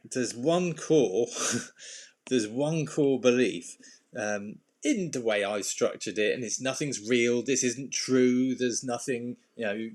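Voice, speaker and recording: A man coaching on anxiety in a casual, rambling talk, full of fillers and restarts, with sudden playful bursts. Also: mid-range voice. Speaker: anxiety and self-esteem coach. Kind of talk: casual talk to camera with slides.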